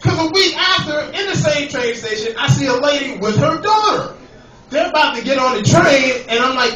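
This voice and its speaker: A man's voice: very high voice, lively intonation, normal speed, bright, forceful tone. A young man with a New York accent doing a profane stand-up comedy set and riffing with the crowd. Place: comedy club with a laughing audience. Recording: echoey club from far off with crowd.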